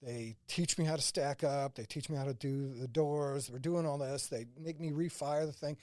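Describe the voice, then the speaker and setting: Speaking a little high and at a moderate pace, with no room sound, this former combat medic from St. Louis shares lively anecdotes in a relaxed interview. He acts out what others said, quoting them in dialogue.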